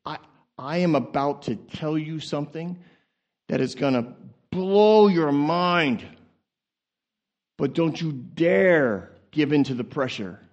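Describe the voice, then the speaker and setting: A man voicing an overjoyed male angel messenger who shouts and whoops his news. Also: a little high, expressive, slow, pauses often, muffled recording, voice pushed down. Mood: earnest reassuring.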